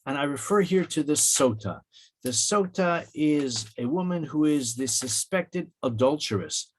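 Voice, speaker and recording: A man delivers a weekly Torah lesson with a somewhat higher voice than most men. He speaks in a measured, explanatory way, circling back to rephrase his points with small fillers. He quotes Hebrew verses along the way. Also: expressive, slight background noise. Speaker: rabbi teaching Torah portion.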